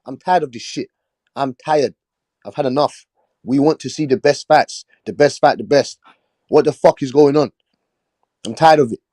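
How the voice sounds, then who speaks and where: A man's voice: mid-range voice, moderate pace, pauses often, dark tone, no echo. A man hosting a boxing talk show, ranting in a heated, swearing, repetitive way. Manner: fired-up, swearing, repeating himself. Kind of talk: heated casual rant.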